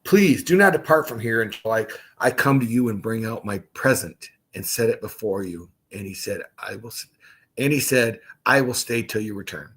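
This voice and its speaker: A man's voice: fairly low pitch, lively intonation, normal speed, a bit bright, breathy edge, poor audio. A man leading a casual livestreamed Bible study, reading scripture aloud and adding his own asides.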